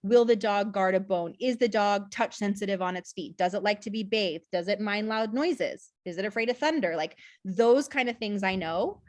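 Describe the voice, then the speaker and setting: A woman's voice: mid-range voice, normal speed, hardly any pauses, a little mellow, no echo. Blunt, chatty woman on a video call. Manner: blunt and chatty, checks in with "okay?". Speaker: adoption coordinator for a prison dog-training program. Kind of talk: casual live info session.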